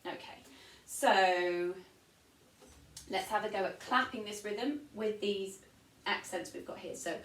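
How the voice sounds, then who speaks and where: A woman's voice: medium pitch, slow, long pauses, recorded from a distance, very noisy. Woman teaching music in an echoey room. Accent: English. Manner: patient, demonstrates by singing and counting aloud. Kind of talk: recorded online music lesson.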